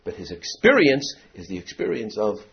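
Lively New man telling stories. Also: fairly low pitch, moderate pace, vocal fry. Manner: animated, acts out anecdotes, many "you know" fillers. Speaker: community speaker. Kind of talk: storytelling talk. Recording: dull lo-fi recording.

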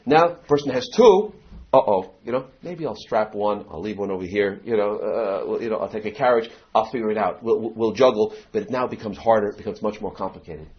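A man's voice: lowish voice, brisk. A middle-aged man gives a storytelling talk to his community. He acts out anecdotes and leans on "you know" fillers. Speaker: community speaker. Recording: dull lo-fi recording.

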